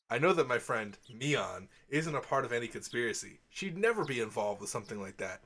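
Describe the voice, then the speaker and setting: A man's voice: mid-range voice, very animated, a little fast, hardly any pauses, bright, forceful tone. A man reading a visual novel aloud and breaking into exasperated, swearing outbursts, with faint game music behind. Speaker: let's play host.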